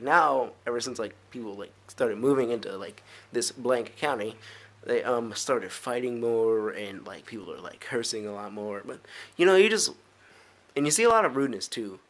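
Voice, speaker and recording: A man's voice: medium pitch, fairly bright tone. A young man in his teens, rambling casually to camera in a vlog, full of filler words, restarts and giggly asides. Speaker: vlogger.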